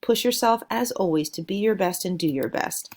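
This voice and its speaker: A woman teaching a writing lesson, speaking slowly and deliberately in an encouraging way. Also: medium pitch, animated, darkish tone. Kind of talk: recorded classroom lesson.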